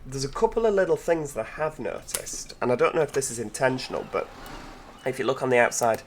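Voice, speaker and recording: A man's voice: mid-range voice, lively intonation, fast talker, slight background noise. A man hosting a gameplay video, commentating with enthusiasm as he drives and chatting to the in-game passengers. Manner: enthusiastic, chatty, full of tag questions; talks to in-game passengers while driving. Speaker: gaming channel host.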